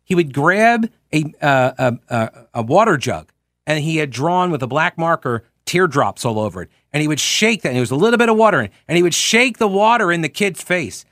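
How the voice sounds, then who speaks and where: A male radio host from New York telling stories in a lively monologue, throwing in rhetorical questions. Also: a little high, brisk, dry recording, clean studio sound. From New York, Long Island. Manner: animated storytelling with rhetorical questions.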